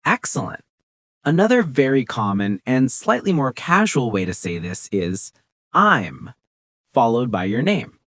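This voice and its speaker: An English teacher leads a scripted beginner lesson, sounding encouraging, with big rising and falling pitch swings and a fairly bright tone. Sample phrases come out slow and clear, and the recording is dry and close with no room echo.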